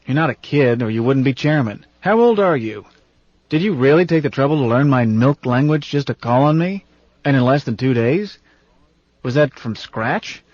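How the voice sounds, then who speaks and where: A man voicing a gruff, blunt, ancient man in an audiobook, with a slightly raspy, brusque and folksy way of talking. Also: medium pitch, lively intonation, normal speed, darkish tone, dry recording, lightly acted. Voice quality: rasp. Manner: brusque and salty, grumbling. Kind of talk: audiobook character reading. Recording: dull, dry studio recording.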